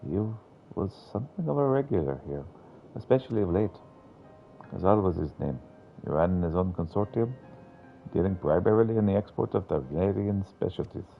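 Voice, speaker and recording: A man voicing a calm, polite female barmaid in a game, reading her lines in a measured way. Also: low voice, creaky, dull audio, faint music behind.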